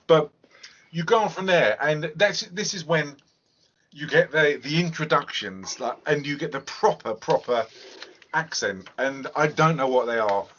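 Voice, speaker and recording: A man hosting a podcast, chatting casually about a film in a rambling, animated way and swearing freely. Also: on the high side, a little slow, a little hiss or hum. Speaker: podcast host. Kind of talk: casual film review chat. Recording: muffled podcast audio.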